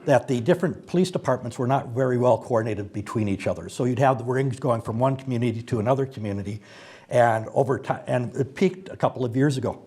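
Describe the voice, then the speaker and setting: A man answering as a candidate at a forum, earnest and steady. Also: medium pitch, fast talker, slightly rough.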